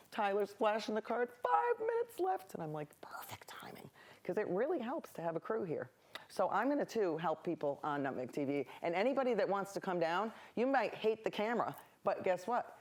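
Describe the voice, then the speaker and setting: A woman hosting a local TV painting show, chatting in rambling, cheerful tangents as she paints. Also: lowish voice. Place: local access TV studio.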